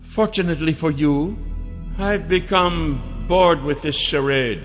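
A man playing a haughty high priestess queen. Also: a little slow, lightly acted. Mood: silky. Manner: silky, mocking, condescending. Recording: long reverb with faint music.

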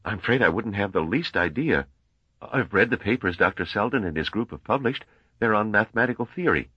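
An unsure young male mathematician, put on by a man reading a storybook, polite and hesitant, pitched clearly above the reader's own very deep voice. The reading is lively in its ups and downs, slightly husky, and recorded dry and dull. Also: fairly quick, dry recording. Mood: earnest, puzzled.

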